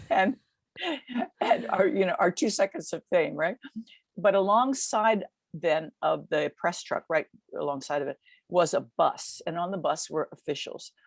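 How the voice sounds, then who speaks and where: A woman in her seventies, a podcast guest, retelling a past event in vivid, lively storytelling with quick restarts. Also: on the low side, creaky, no room sound. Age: 70s. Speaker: guest recounting a race.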